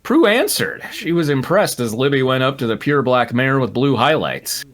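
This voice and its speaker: A playful man narrates fan fiction on a live stream, his pitch rising and falling widely. He laughs easily and breaks off for banter between lines. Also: big pitch swings, normal speed, a bit bright. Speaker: narrator and host.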